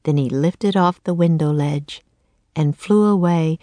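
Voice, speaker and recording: A woman narrating a children's storybook in a clear, steady storytelling voice. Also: low voice, a little slow, no room sound.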